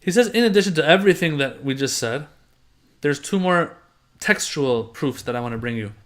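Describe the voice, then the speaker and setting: A man's voice: on the high side, lively intonation, brisk, fairly bright tone. A man teaching religious doctrine, reading passages aloud and explaining them in a conversational way with everyday examples. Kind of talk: explaining a doctrine text to a class.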